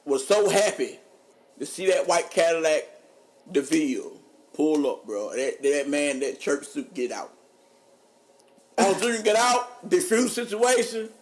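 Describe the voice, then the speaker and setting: A man, a podcast co-host telling funny stories in casual chat, animated and laughing often. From North Carolina. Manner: animated, laughing often, drops low for quoted voices. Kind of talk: casual storytelling.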